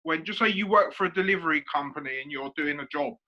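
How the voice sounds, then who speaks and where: Guy explaining stuff step by step, bright higher voice, muffled lo-fi sound. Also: quick pace. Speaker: podcast co-host. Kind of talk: casual explaining.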